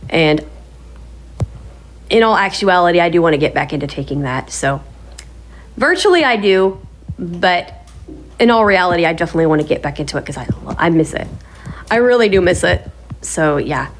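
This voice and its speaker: A woman's voice: lowish voice, animated, moderate pace, pauses often, a little hiss or hum. A woman hosting a casual sit-down vlog from her home kitchen, talking in a bubbly, enthusiastic, chatty way. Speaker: vlog host.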